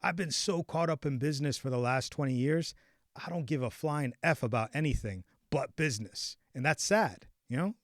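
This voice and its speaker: A man in his forties hosting a podcast, telling a personal story in a casual chat with animated swings between hushed and loud. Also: fairly high pitch, moderate pace, no echo, studio quality. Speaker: podcast host.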